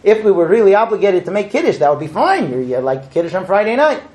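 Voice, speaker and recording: A man's voice: high-pitched, big pitch swings, fast, darkish tone. A man leading a group through a mock Seder, explaining terms and chanting the blessings. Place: room with a group.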